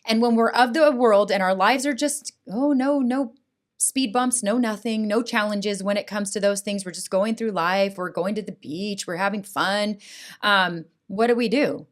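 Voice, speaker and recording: A middle-aged woman, a guest on a podcast, telling a heartfelt personal story in an earnest, animated way and often asking "right?". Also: medium pitch, moderate pace. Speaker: school board president, guest. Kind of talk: emotional personal testimony in a podcast interview.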